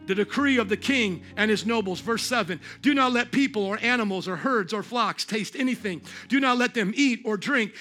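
High-voiced preacher, fiery and bright. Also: male voice, fairly quick, hardly any pauses, soft background music. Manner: passionate preaching that swings from quiet to shouting; questions the congregation directly. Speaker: pastor. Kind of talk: sermon. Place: church service.

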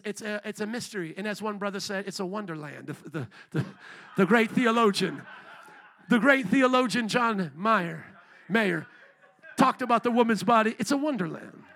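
Pastor guy preaching loud n lively, really bright sharp tone, high pitched. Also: normal speed, vocal fry. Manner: animated preaching, call-and-response asides, bursts of shouting. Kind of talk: sermon.

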